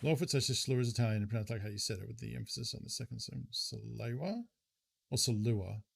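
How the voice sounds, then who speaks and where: Gravelly, husky male game streamer. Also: medium pitch, steady tone, rapid-fire. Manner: casual, muttering, swears, thinks aloud. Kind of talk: live gameplay commentary.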